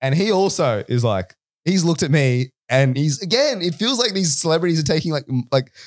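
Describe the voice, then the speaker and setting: An Australian man co-hosts a podcast, telling animated stories in a slightly high voice at a fairly quick clip, often saying "right?" and "like." The tone is casual, and the close mic gives a dry recording.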